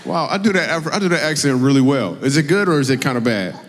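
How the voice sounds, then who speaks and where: A man's voice: a little high, lively intonation, fast talker, a little hiss or hum. A man, a comedian, doing stand-up crowd work on stage, teasing an audience member and laughing often. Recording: live hall with faint ambience.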